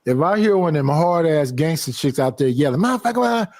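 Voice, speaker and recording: A man in a casual panel debate, animated and telling stories by acting out what people say. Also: a little high, a little fast, no room sound. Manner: animated storyteller, acts out quotes.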